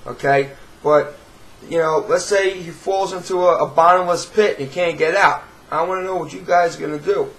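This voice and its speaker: A man's voice: a little high, normal speed, rough recording. A man with a New York accent, ranting to camera in a profane, sarcastic, rambling way with many restarts. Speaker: video blogger.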